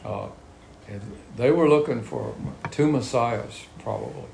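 Speaking a little slowly, a man with a mid-range voice, some vocal fry, and a slightly mellow tone leads a Bible study. He reads verses aloud and then unpacks them conversationally in plain language. The echoey room has faint ambience and slight background noise.

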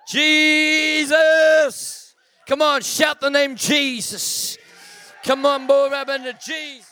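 High-voiced man chanting charismatic prayer. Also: level tone, takes it slowly. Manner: chanting, shouting declarations. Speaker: prayer minister. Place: church service.

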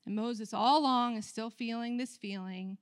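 An American woman pastor preaching a sermon, talking conversationally to the room and acting out dialogue with lively shifts in her voice. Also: on the high side, normal speed, smooth, dry recording, studio quality. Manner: animated, acts out dialogue with her voice; conversational, asks the room questions.

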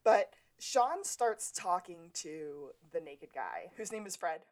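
A woman's voice: fairly low pitch, sing-song, takes it slowly, darkish tone. A woman co-hosting a podcast in casual chat, rambling in a friendly way and talking straight to the listeners. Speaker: podcast co-host.

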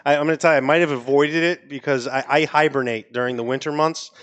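A man's voice: fairly high pitch, steady tone, fast, a bit bright. A man from Maine with a New England accent, a guest on a podcast in a studio, easygoing and rambling with many restarts. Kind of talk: casual podcast chat.

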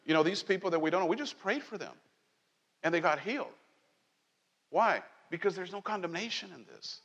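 Conversational pastor preaching in a reverberant church. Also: male voice, high-pitched, a little fast, muffled recording. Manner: conversational, animated preaching with jokes and asides. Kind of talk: sermon. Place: church sanctuary.

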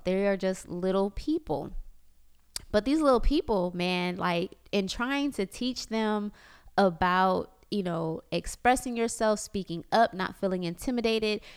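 A woman in her thirties talking casually to her viewers about parenting, animated and chatty, often slipping into voices of her family. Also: medium pitch, clear, resonant tone. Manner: chatty and animated, mimics family members, lots of "like". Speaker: parenting vlogger. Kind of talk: casual confessional chat.

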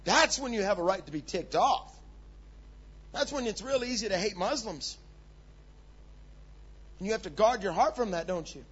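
A man preaching a sermon, swinging from low, hushed asides to loud, urgent peaks. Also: lively intonation, normal speed, pauses often, slightly rough, dull audio. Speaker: pastor.

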